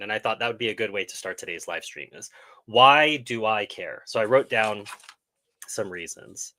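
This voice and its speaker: A middle-aged man talks casually on a live stream, working through viewer questions. His voice is bright and forward, a little lower than most men's. He takes his time, pausing and restarting as he gathers his thoughts. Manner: thoughtful, pauses and restarts while explaining. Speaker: channel host answering viewer questions.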